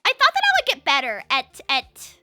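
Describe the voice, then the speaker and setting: A young woman streamer chatting casually with her live chat, talking very fast and bubbly. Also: high-pitched, huge pitch swings, sharp tone, no echo, soft background music.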